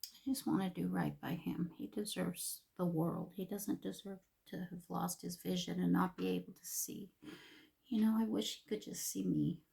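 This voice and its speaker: A woman's voice: on the low side, fairly even intonation, normal speed, creaky, dark tone. An older woman chatting while getting ready, emotional and confiding, sometimes dropping to a whisper. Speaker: vlogger.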